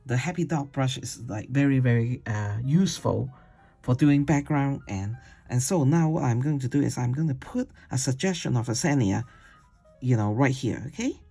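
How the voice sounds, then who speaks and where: A watercolor instructor giving a casual painting demonstration, chatty and digressive, who coaxes gently and ends steps with "okay?". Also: medium pitch, animated, normal speed, soft background music.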